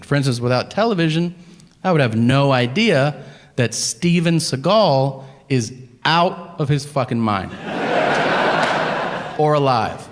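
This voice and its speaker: A man performing a stand-up routine on stage, telling stories in a profane way and acting out the people in them. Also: mid-range voice. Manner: animated, profane storytelling with acted-out quotes. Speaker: stand-up comedian. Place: large hall on stage. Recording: reverberant hall with audience noise.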